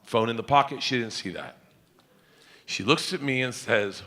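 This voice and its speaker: A middle-aged man doing stand-up on a comedy club stage, telling stories loudly and shouting his punchlines. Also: on the low side, normal speed. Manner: loud, animated storytelling with shouted punchlines. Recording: live stage recording with clear audience noise. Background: audience laughter.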